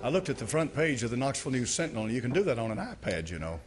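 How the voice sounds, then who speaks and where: A man, a pastor preaching and praying aloud in a church service, earnest and dropping low and quiet in prayer. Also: big pitch swings, rapid-fire, over loud music. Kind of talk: sermon.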